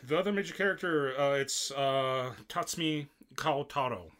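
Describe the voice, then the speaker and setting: A man's voice: mid-range voice, moderate pace, a bit bright. A man in casual chat, summarizing a story and backing his co-host with frequent murmured agreement. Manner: frequent "mm-hmm" backchannels, summarizing. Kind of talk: casual chat recapping an anime.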